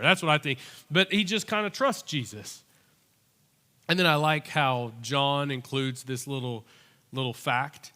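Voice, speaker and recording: A male pastor delivering a sermon as animated storytelling, acting out the characters' voices. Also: mid-range voice, measured pace, smooth. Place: church. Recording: long church-hall reverb.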